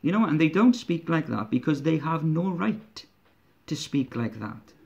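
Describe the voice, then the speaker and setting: An earnest man preaching a sermon, his voice sitting somewhat high. He builds his points through emphatic, repeated rhetorical questions. The recording is muffled and lo-fi. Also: big pitch swings, unhurried, gravelly, a little mellow. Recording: dull lo-fi recording.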